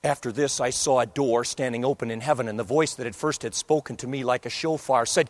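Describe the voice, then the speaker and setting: A man preaching, telling a vivid story that swings from hushed murmurs to loud declamation. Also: mid-range voice, a little fast, hardly any pauses. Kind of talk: dramatic sermon storytelling.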